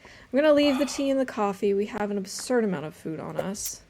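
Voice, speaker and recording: A woman's voice: medium pitch, lively intonation, a little fast, darkish tone, a little hiss or hum. A woman streamer giving casual let's-play commentary while she plays, chatty and rambling with a self-amused tone.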